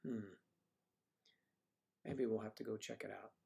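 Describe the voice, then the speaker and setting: A man's voice: lowish voice, fairly even intonation, gravelly, mellow. Musing man chatting with his stream. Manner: musing, drawn-out hums between comments. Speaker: livestream host reading chat. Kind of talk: casual livestream chat. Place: at home with TV in background.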